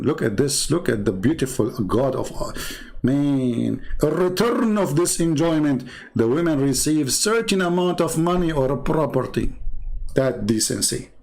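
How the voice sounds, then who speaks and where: A man giving sarcastic commentary while reading from a website on screen, swinging between low mutters and high mocking exclamations. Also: poor audio. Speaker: religious debater.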